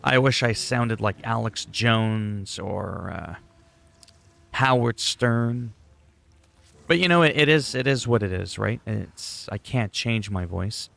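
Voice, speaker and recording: A man's voice: on the low side, slow, vocal fry, a bit bright. A man chatting casually on a gaming livestream, rambling and goofy, often poking fun at himself. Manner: rambling, goofy, self-deprecating.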